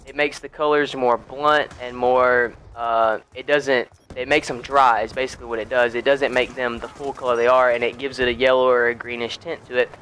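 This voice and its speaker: A man's voice: medium pitch, flat delivery, normal speed, few pauses, a bit bright, a little hiss or hum, low-quality recording. A young man chatting casually over gameplay, rambling with lots of fillers and restarts. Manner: laid-back and chatty. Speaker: gaming YouTuber.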